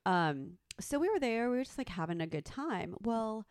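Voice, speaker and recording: A woman in her thirties telling a story in casual chat, animated and profane, acting out the quotes. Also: a little high, normal speed, smooth, dry recording, clean studio sound. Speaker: podcast co-host.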